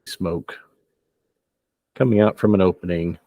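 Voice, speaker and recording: A man's voice: sits low, fairly even intonation, measured pace, mellow, no room sound. A man narrating as game master, loose and descriptive, often laughing.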